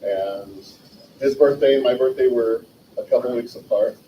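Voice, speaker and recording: A man's voice: mid-range voice, moderate pace, highs cut off. Man telling stories from a distant mic. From California. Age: 40s. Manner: rambling anecdotes with self-corrections. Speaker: eulogy speaker. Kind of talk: livestreamed memorial storytelling. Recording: distant mic, roomy echo, faint noise.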